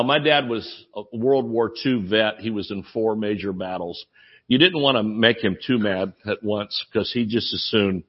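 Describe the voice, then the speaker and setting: A man's voice: on the low side, breathy edge, lo-fi sound. A man with a Southern US accent, preaching a humorous sermon full of stories and laughter. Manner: animated storytelling, laughs often.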